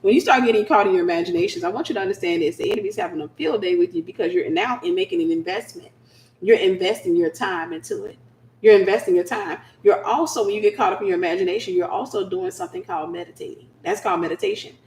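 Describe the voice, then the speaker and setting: A woman giving a lively, conversational Christian teaching, slipping into acted-out scenes. Her mid-pitched voice rings around a roomy, echoing space. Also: fast, a little hiss or hum. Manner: animated, conversational, acts out scenes. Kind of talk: preaching-style teaching. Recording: roomy echo.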